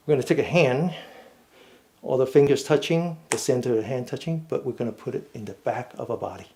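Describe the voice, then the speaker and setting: Man calmly guiding a seated stretch class. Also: mid-range voice, vocal fry, slight background noise. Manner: slow, patient step-by-step cues. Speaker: fitness and meditation instructor. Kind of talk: guided seated exercise class.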